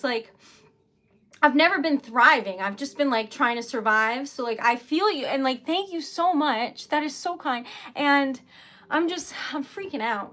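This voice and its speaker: A woman's voice: high voice, fairly bright tone. A young woman running a casual livestream for her small business, flustered and giggly as she thanks viewers.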